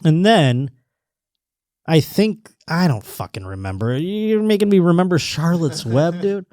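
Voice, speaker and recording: A man's voice: on the high side, lively intonation, a little slow, a little mellow, no echo, clean studio sound. A man hosting a podcast in casual chat, profane, joking and rambling. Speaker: podcast host.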